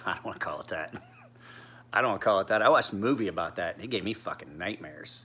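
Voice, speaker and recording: A man's voice: sits low, animated, fast, fairly bright tone, husky. A man in his forties, tired, chatting casually as a knife sharpener in a rambling, profane, laid-back way. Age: 40s.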